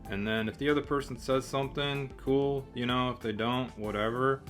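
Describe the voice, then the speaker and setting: A man from Michigan with a Michigan accent, co-hosting a casual chat, explaining and gently teasing at an easy pace. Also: mid-range voice, moderate pace, hardly any pauses, soft background music. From Michigan, United States. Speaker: co-host.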